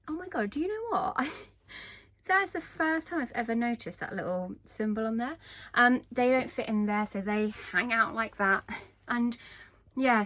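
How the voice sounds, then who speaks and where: A woman's voice: a little high, a bit bright. Chatty young woman vlogging at home. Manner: chatty, rambling, laughs often. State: out of breath. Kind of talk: casual vlog chat. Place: home, walking between rooms. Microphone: handheld phone camera.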